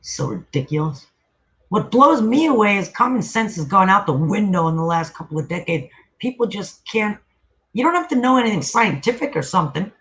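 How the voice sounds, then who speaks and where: High-voiced man rambling on a livestream. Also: big pitch swings, brisk, a bit bright, rough recording. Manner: loose and profane, trails off mid-sentence. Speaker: livestream host. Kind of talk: casual rambling livestream chat.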